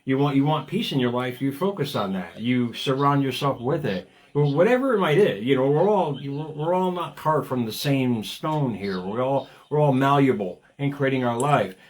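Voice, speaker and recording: A man's voice: medium pitch, expressive, moderate pace, few pauses. A man in his fifties hosting a motivational talk show, speaking energetically and digressing, often repeating words as he starts a thought. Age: 50s. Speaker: radio show host.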